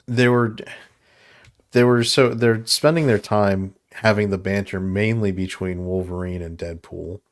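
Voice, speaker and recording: A man with a somewhat low voice talks through a film scene by scene, stringing the plot together in loose, rambling runs. This is relaxed podcast banter between co-hosts. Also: unhurried. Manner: long rambling plot recaps. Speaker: podcast co-host. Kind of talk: casual movie review chat.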